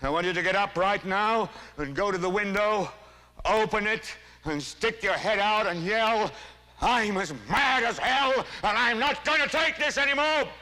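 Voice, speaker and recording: A furious male TV anchor ranting on air, his voice sitting high and ringing bright as he climbs from a grim, weighty lecture into full shouting. It is film audio with a long reverb tail hanging behind every line. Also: normal speed. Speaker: television news anchor. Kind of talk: dramatic film monologue.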